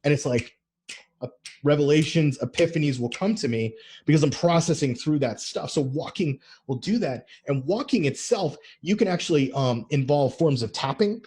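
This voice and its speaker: A man co-hosting a podcast, talking in an energetic, preachy motivational way that builds in intensity. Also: a little high, normal speed, a little hiss or hum. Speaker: podcast co-host.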